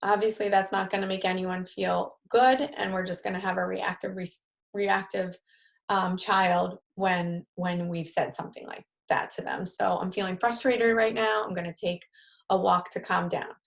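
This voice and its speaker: A woman's voice: medium pitch, fairly even intonation, normal speed, gravelly. Woman leading a parenting workshop. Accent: New York. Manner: conversational, acts out example phrases to children. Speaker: parenting group leader. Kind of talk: live-streamed parenting workshop talk.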